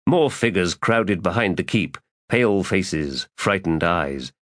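A man narrating a fantasy audiobook in a measured storytelling voice. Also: low-pitched, animated, a bit bright, no echo, studio quality.

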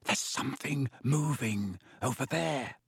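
A man voicing a brave young teenage boy wizard, urgent and hushed when afraid. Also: medium pitch, a little slow, vocal fry, slightly rough, no echo, clean studio sound, exaggerated voice.

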